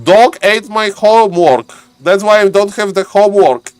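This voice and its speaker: A man's voice: high-pitched, moderate pace, a little mellow, smooth, dry recording, soft background music, natural voice. A man doing a sheepish excuse-making student. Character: young male student player making excuses.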